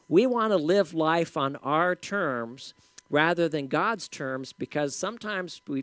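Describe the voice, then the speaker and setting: A pastor preaching a sermon in a conversational, storytelling way with casual asides. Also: male voice, a little high, no echo.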